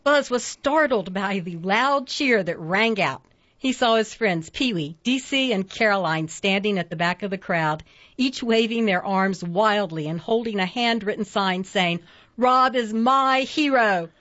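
Woman, storybook narrator, steady reading, dry close sound, dull lo-fi recording. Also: mid-range voice, measured pace, no room sound. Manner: steady reading, voicing each character.

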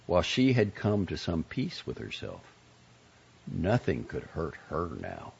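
A man giving a scripted narration of a story and a magazine essay, in a measured, expressive reading. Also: rumbling low, creaky, slightly rough. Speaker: reader of magazine pieces. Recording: dull lo-fi recording.

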